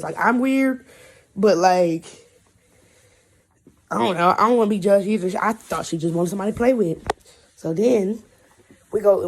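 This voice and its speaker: A woman's voice: fairly low pitch, darkish tone. A young woman vlogger animatedly telling a personal story, swearing and laughing as she goes. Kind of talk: casual storytime.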